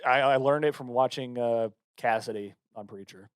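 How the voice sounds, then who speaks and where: A young adult American man co-hosting a podcast, ranting in a casual, profane, animated way. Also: medium pitch, moderate pace, clear, resonant tone, no room sound, studio quality. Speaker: podcast co-host. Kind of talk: casual chat.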